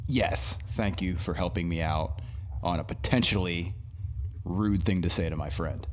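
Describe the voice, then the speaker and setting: Brief: very low male voice, casual and teasing, trips over his words. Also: a little hiss or hum. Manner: teasing, halting, with many restarts. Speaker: podcast co-host. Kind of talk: casual chat.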